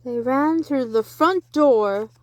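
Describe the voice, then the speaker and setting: A woman reading a children's picture book aloud, with animated narration and soft, whispered asides about the pictures. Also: high voice, takes it slowly. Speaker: reader.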